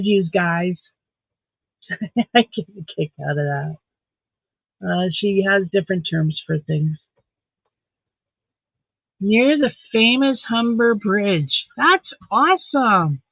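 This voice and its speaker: Gravelly, high-pitched man from Canada. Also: expressive, takes it slowly, pauses often, no room sound. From Saskatchewan, Canada. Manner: chatty, reads viewer comments aloud and answers them; talks to his dog between comments. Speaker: live-stream host. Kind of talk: casual late-night live-stream chat. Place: at home, late at night. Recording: dry, phone-like sound.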